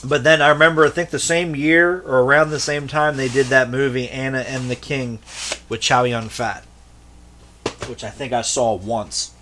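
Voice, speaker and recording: A man with a medium-pitched, fairly even voice shows off his tape collection at a moderate pace, sounding bright and forceful. He's a VHS collector vlogger doing casual show-and-tell, rambling, joking, and swearing freely. There's a little hiss or hum on the recording.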